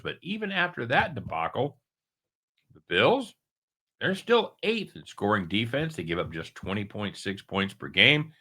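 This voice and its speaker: A man's voice: mid-range voice, huge pitch swings, a little slow, pauses often, sharp tone. A man giving a casual sports betting preview straight to his viewers, chatty and jokey, with a caramel in his mouth.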